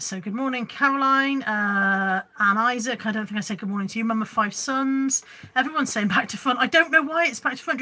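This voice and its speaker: The host's voice is on the high side, bright and forceful. She's a woman reselling on a home live stream via her phone camera, chatting with viewers, reading their comments aloud, and drifting off topic a bit.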